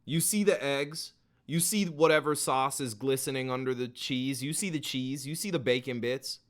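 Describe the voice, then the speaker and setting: A man's voice: mid-range voice, moderate pace, fairly bright tone. A man streaming casual reactions, joking and swearing loosely as he talks to his chat. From Minnesota.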